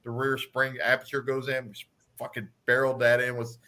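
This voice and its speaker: A man's voice: mid-range voice, little pitch movement, a little fast, bright, forceful tone. A man, a former Marine guest, telling prank stories casually with heavy swearing and laughter. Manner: profane, laughing storyteller. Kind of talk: casual livestream chat.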